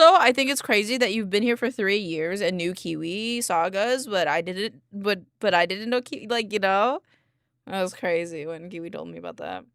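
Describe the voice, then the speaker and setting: Bubbly woman streamer, lively voice. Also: medium pitch, no room sound, clean studio sound. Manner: bubbly and playful, giggling often; quick to apologize and reassure. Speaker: livestream host. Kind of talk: casual chat with live viewers.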